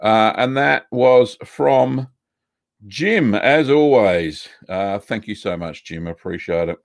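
Host: middle-aged Aussie man, low gravelly voice, chatty and hesitant, dry close sound. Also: animated, slow, no echo. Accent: Australian. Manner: chatty, many ums and uhs, greets viewers by name. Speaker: host of a live cheesemaking Q&A stream. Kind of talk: casual live-stream chat.

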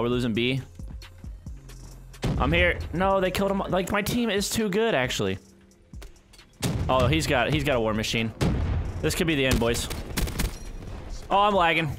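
A young man giving live gameplay commentary, muttering one moment and yelling in frustration the next, with game gunfire and music underneath. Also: medium pitch. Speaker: gaming YouTuber. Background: game gunfire and instrumental music.

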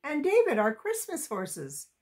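A woman's voice: high-pitched, wildly swooping pitch, measured pace, darkish tone, pitched above the performer's own voice, exaggerated voice. A woman voicing a shy little pioneer farm girl in a storybook reading, speaking in an earnest, plain way.

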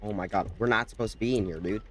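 A young man hosting a horror game let's-play, muttering low and bursting into screamed, profane threats. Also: fast. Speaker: gaming channel host.

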